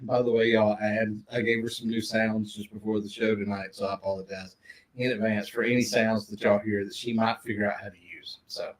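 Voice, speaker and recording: A man's voice: fairly low pitch, little pitch movement, fairly quick, rough recording. A middle-aged man, chatting casually on a livestream and greeting viewers by name. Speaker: livestream co-host.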